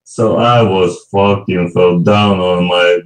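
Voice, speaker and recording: A man's voice: deep voice, steady tone. Man with Russian accent, echoey and distant. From Baltic states. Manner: halting, swears casually. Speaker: video chat stranger. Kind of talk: casual video chat. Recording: echoey, far from the mic.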